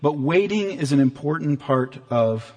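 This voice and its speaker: A man preaches with earnest, animated delivery, acting out voices now and then. His voice sits a bit high for a man. The sound rings with long reverb, as in a large hall. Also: measured pace. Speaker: pastor. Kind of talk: sermon.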